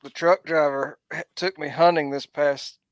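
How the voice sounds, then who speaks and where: A man's voice: fairly high pitch, fairly even intonation, moderate pace, dry recording. A man from Georgia, a guest chatting casually in a laid-back, matter-of-fact way. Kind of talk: casual chat.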